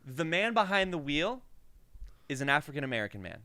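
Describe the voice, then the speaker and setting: High, bright-voiced man telling a story. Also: brisk, no room sound. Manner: animated, acts out the people in his story, swears freely. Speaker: podcast co-host. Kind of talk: casual storytelling chat.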